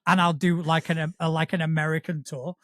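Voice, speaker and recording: A man's voice: fairly high pitch, little pitch movement, a little fast, fairly bright tone, no room sound, clean studio sound. A middle-aged man co-hosting a tabletop gaming podcast, reading show plugs and trading wry banter. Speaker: podcast co-host. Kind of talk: casual chat and show plugs.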